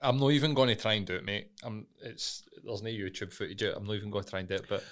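Talking fast in a lowish voice with fairly even intonation, this young Scottish podcast co-host has a Glasgow-area accent. His casual chat is banter-heavy storytelling laced with swearing.

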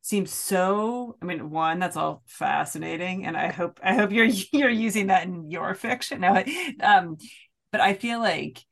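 Creaky-voiced American woman, laughing guest. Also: fairly low pitch. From United States. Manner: self-deprecating, laughs often, halting restarts. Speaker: author guest. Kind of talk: casual interview chat.

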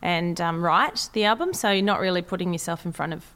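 An Australian woman talks in a relaxed, chatty way as an interview guest. Her voice sits a little low, and she laughs easily. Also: brisk. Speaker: country music singer, interview guest. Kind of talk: casual interview chat.

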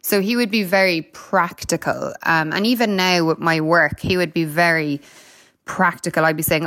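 A woman's voice: fairly low pitch, normal speed, a bit bright. Chatty Irish woman telling stories. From Ireland. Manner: chatty, storytelling, laughs often, many fillers. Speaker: guest, retired Olympic runner. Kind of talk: casual interview chat.

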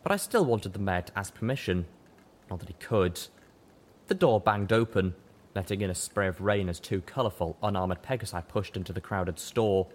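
A man narrating a fan fiction audiobook with expressive storytelling. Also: sits low, moderate pace.

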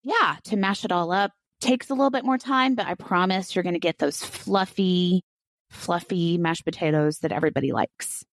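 A woman's voice: on the low side, normal speed, no room sound. A woman co-hosting a podcast, explaining a recipe in an easygoing, offhand way. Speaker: podcast co-host. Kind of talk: casual chat.

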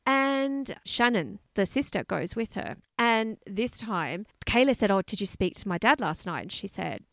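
A woman's voice: medium pitch, measured pace, few pauses, no echo. A woman, recounting a story in a casual podcast chat, swearing and acting out quotes. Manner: animated, swears, acts out quotes. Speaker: podcast co-host.

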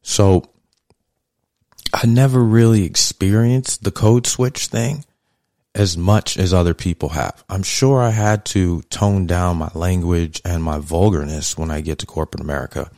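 Speaking a little slowly in a low-pitched voice, a man hosts a podcast with casual commentary that's blunt, profane and conversational. He heats up and gets louder over time, and the recording is dry with clean studio sound.

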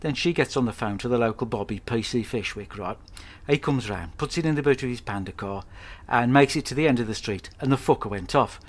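A man's voice: medium pitch, a little fast. Sweary Brummie man rambling. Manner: rambling, sweary, deadpan storytelling. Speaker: podcast host. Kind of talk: comic monologue. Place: at home.

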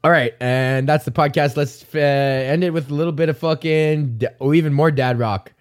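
A man's voice: on the high side, moderate pace. A man with a Canadian accent hosting a casual solo podcast, rambling and joking with lots of swearing and filler words. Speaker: podcast host.

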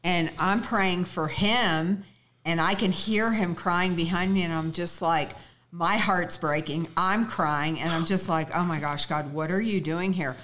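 A woman with a low voice recounts a heartfelt moment as a guest, her words speeding up as she recalls it. A faint noise runs under the recording. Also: fairly even intonation, fairly bright tone. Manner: emotional, fast when recalling prayer. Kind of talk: casual conversation.

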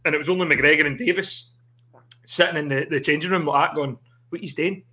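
A man with a Scottish accent hosting a podcast, friendly and quick to laugh, calling everyone mate. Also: fairly high pitch, fairly even intonation, pushed and bright. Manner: friendly, laughs often, says mate a lot. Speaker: podcast host. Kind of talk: casual chat.

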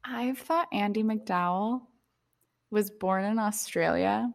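A young woman co-hosting a podcast in casual chat, rambling and quick to laugh. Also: medium pitch, creaky. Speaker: podcast co-host.

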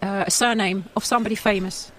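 Playful woman author with a husky voice. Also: medium pitch, quick pace. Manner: playful, teasing, expressive. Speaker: author and podcast co-host. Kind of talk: casual chat.

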